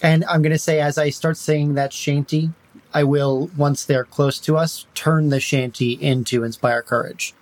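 A man's voice: fairly high pitch, flat delivery, moderate pace. A man playing a tabletop role-playing game, chatting casually and laughing often. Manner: playful, laughs often, restarts. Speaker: player.

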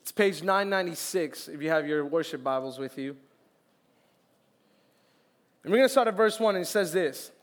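A young man preaching a sermon as youth pastor, lively and joking, acting out little quotes. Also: on the high side, normal speed, long pauses. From Colombian family, raised in Florida.

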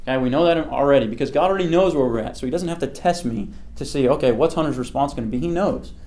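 A man's voice: medium pitch, fast talker, darkish tone. Young man, youth pastor, loose conversational sermon, lots of "okay?" and "like," keeps asking the group questions. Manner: conversational, quizzes the listeners, many "like" and "okay" fillers.

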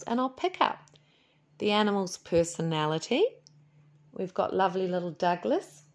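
A woman hosting a podcast in a chatty, playful way, a little sniffly. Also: mid-range voice. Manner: chatty and playful, with asides and laughs. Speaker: podcast host and animal healer. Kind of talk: casual solo podcast chat.

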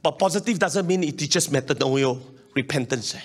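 Pastor preaching, high voice, keeps chuckling and calling out to the crowd. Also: male voice, normal speed. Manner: emphatic, repetitive, calls for congregation responses; chuckles often between points. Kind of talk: sermon.

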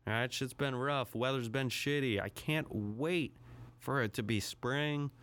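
A man's voice: medium pitch, a little slow, fairly bright tone, smooth. A man hosting his own podcast, rambling through a casual, profane solo rant with a self-deprecating edge. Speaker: podcast host.

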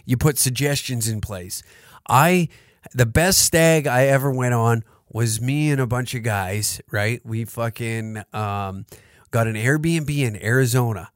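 A man's voice: mid-range voice, unhurried, no room sound, studio quality. A man hosting a podcast, riffing in a crude, rambling comedic monologue full of swearing. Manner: profane, rambling, joking. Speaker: podcast host.

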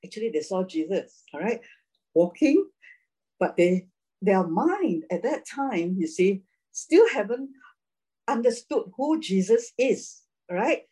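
A woman leads a casual Bible class. Her voice is mellow and a little husky. She talks in a chatty way, laughs a lot and keeps tagging her points with "right?". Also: mid-range voice, big pitch swings, measured pace, poor audio.

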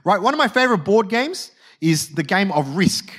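A male preacher giving a conversational, animated sermon and often checking in with his listeners. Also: high voice, moderate pace.

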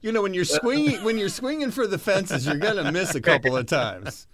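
A man's voice: high voice, expressive, a little fast, fairly bright tone. A man co-hosting a casual chat, filling in background with conversational fillers. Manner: conversational, filler-heavy, explanatory.

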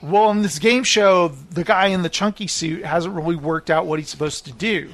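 A man hosting a podcast in casual chat, an animated, rambling storyteller who laughs often. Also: fairly high pitch, normal speed, no echo. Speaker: podcast host.

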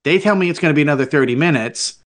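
A man co-hosting a podcast, retelling a story in casual chat with animated, indignant emphasis. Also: rapid-fire. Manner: animated, indignant retelling with sudden pitch jumps. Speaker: podcast co-host.

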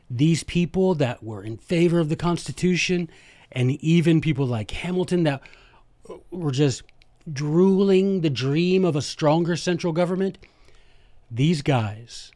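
A man hosting a jokey history lesson, talking playfully and emphatically with quick asides, close to the microphone. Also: medium pitch, darkish tone, dry recording. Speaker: host.

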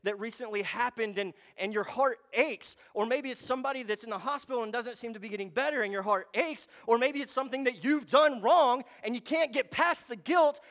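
A man preaching a sermon, moving between quiet reflection and fervent, emphatic passages. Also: very high voice, a little fast, hardly any pauses. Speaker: pastor.

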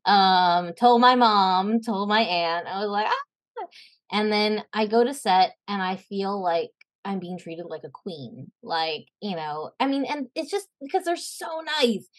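A young woman, an actress and podcast guest, chatting casually and telling animated stories, acting out the voices she quotes and laughing often. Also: mid-range voice, unhurried, few pauses. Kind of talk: casual interview chat.

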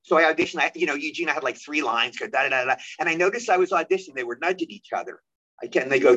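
A man telling stories as an interview guest, lively and quick, acting out the voices of the people he quotes. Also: a little high, muffled recording. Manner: animated, rapid storyteller who acts out quoted voices. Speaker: guest actor. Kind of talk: storytelling interview.

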